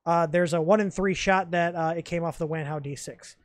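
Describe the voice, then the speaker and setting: High-voiced blunt young man chatting. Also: fairly even intonation, fairly quick, dry recording. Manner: blunt, opinionated, joking. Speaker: live stream co-host. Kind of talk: casual live stream chat.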